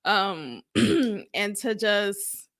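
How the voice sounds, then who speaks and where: A woman from Boston hosting a podcast alone, chatting casually and rambling, with frequent laughs and sudden swings between loud and soft. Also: medium pitch, big pitch swings, very slow. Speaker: podcast host. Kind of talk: casual solo podcast chat.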